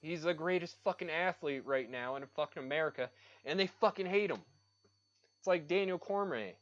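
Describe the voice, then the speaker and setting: A man's voice: fairly high pitch, expressive, normal speed, fairly bright tone, highs cut off. A man chatting casually while he paints on a livestream, ranting and swearing freely as he rambles from one opinion to the next.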